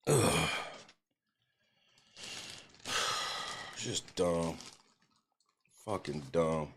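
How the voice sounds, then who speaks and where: At a moderate pace and with a sing-song lilt, a man of medium pitch hosts a live stream and curses his way through a basketball defeat. He sounds frustrated, dropping to mutters one moment and shouting the next.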